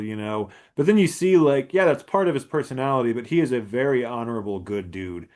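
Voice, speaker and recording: A man's voice: mid-range voice, expressive, brisk, few pauses, a little mellow. A man co-hosting a podcast, talking casually about a film and rambling with lots of filler words. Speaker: podcast co-host. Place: podcast studio.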